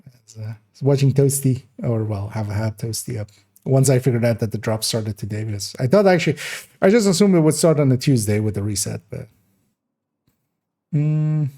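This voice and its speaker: A man's voice: medium pitch, lively intonation, moderate pace, dark tone. A man streaming a game live, in casual commentary, thinking aloud hesitantly as he works through numbers.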